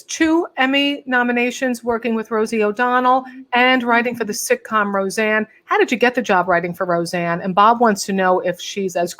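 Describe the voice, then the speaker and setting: A woman hosting an interview, chatty and quick to laugh, reading out comments from viewers. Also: mid-range voice, fairly bright tone, slight background noise. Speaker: podcast host. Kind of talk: casual interview chat.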